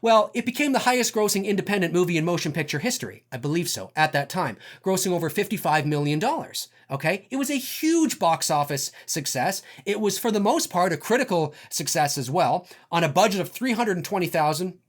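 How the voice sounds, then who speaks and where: A man's voice: high voice, lively intonation, a little fast, hardly any pauses. A man delivering an unscripted, profane film rant, emphatic and full of fillers. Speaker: film commentator.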